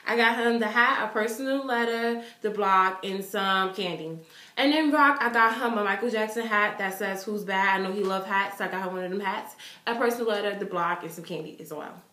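A young woman vlogging, telling a story in an excited, chatty way, with lots of "like" fillers. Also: mid-range voice, normal speed, roomy sound. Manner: animated, chatty, full of "like" fillers.

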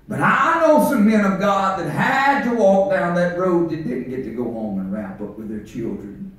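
High-voiced preacher, echoey from far off. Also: male voice. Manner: swings between shouting and hushed, low delivery. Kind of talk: impassioned revival sermon. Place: church sanctuary. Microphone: distant from the mic.

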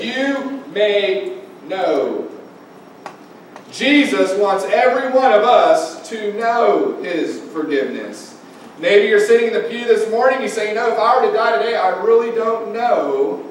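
A male pastor preaching a sermon, building emphasis and putting direct questions to the congregation. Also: high-pitched. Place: church sanctuary. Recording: very echoey church hall from far off, faint noise.

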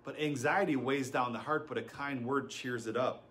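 A man's voice: medium pitch, normal speed, fairly bright tone, a little hiss or hum. A middle-aged man preaching a sermon as pastor, telling stories with laughs and acting out quotes.

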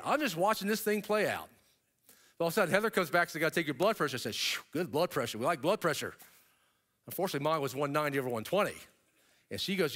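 Speaking fast from a keynote stage, a middle-aged man tells his story in a voice a touch high for a man. He's an animated storyteller, his pitch jumping up for emphasis as he tosses casual asides to the audience.

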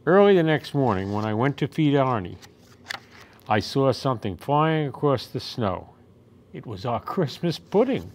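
Male storytime reader, lively swinging pitch, gentle read-aloud delivery. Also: moderate pace, a little hiss or hum. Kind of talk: reading a picture book aloud.

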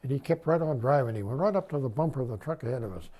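An older veteran recounts his memories in a loose, folksy way, often stopping to restart a sentence. His voice is mellow and dark, with a husky edge. He sits at a middling pitch for a man. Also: lively intonation, rapid-fire. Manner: rambling, folksy, many restarts. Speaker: WWII veteran interviewee. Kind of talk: oral history storytelling.

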